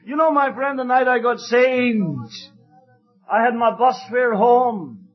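A man preaching an evangelistic sermon, telling stories fervently and emphatically, with loud exclamations at times. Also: extremely high pitch, animated, takes it slowly, muffled recording.

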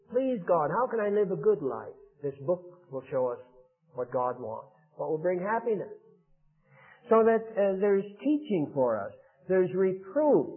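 A man preaching a sermon, earnest and exhorting, with frequent fillers and repeated phrases. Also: fairly high pitch. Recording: phone-like radio broadcast.

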